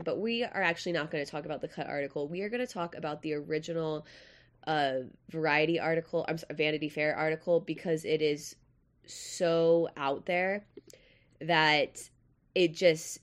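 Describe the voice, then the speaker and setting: A young woman hosting a podcast in casual, chatty, self-deprecating talk, with a nasal voice. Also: deep voice. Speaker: podcast host.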